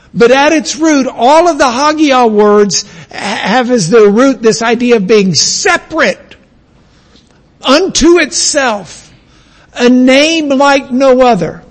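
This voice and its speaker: A man's voice: very high voice, lively intonation, slow. A man teaching a class, lecturing in a conversational way and stretching out the phrases he wants to stress.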